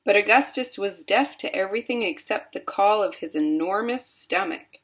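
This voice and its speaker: A woman reading a children's book aloud slowly and expressively. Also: mid-range voice. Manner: slow, steady, expressive reading. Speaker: storyteller.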